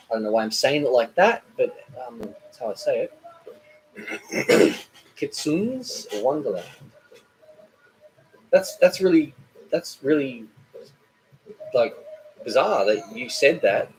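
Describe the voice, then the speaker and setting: A man's voice: medium pitch, slight background noise, rough recording. Chatty man hosting a live stream. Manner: rambling and chatty, with many fillers and joking asides. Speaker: cooking channel host. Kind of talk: casual live-stream chat, reading viewer comments.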